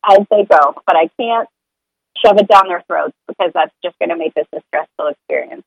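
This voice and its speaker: Earnest mom chatting about parenting. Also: female voice, fairly low pitch, brisk, creaky, slightly rough, dry recording, dull audio. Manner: earnest, rambling, acts out sing-song parent scripts. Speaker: parent sharing potty-training experience. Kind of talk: casual podcast conversation.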